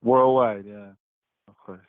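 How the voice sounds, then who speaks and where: A man's voice: medium pitch, steady tone, slow pace, no room sound. A man in his forties in a casual heated debate, stammering, repeating words and laughing often. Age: 40s. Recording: tinny phone-like call audio.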